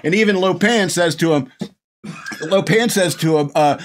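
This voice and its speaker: A man's voice: sits high, normal speed, a bit bright. A middle-aged man hosting a show, rambling casually and chuckling often as he gushes about a film. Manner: gushing, chuckling often, many restarts. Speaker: podcast host reviewing a film.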